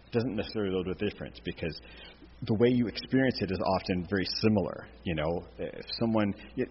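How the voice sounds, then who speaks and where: A man's voice: sits low, slight background noise. Man, church class teacher, casual joking delivery, muffled lo-fi recording. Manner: chatty, jokey, many restarts. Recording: echoey hall, dull lo-fi sound.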